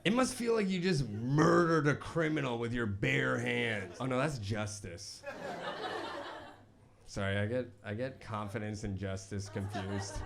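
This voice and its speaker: A man's voice: mid-range voice, a little slow, creaky. A young man doing a self-deprecating stand-up set on stage, rambling with restarts and fillers. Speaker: stand-up comedian. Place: basement comedy club stage. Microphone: handheld stage microphone. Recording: live club with crowd laughter. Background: audience laughing.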